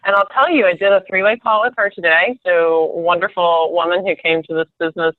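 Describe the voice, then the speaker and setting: A woman's voice: fairly low pitch, fairly even intonation, brisk, no room sound. A woman leading a team conference call, telling a story in a chatty way, with many restarts and fillers. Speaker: sales team leader. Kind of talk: conference call pep talk. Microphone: phone. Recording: tinny dry phone line.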